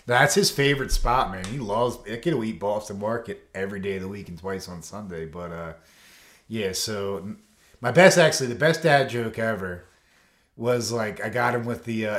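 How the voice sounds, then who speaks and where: A man's voice: lowish voice, moderate pace, a bit bright. A man, a coach, telling stories in a casual interview, loose and rambling with lots of fillers, acting out the lines of the people in them. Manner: loose and rambling, full of "you know" and "like", acts out quotes. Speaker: coach and foster dad, interview guest. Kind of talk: casual storytelling in a podcast interview. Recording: roomy echo.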